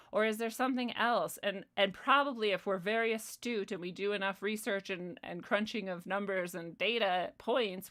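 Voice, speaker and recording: Young woman host, angry swearing rant, sarcastic edge, mid-pitched voice. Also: pushed and bright. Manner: profane, heated ranting with sarcastic asides. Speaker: livestream host. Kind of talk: casual commentary monologue.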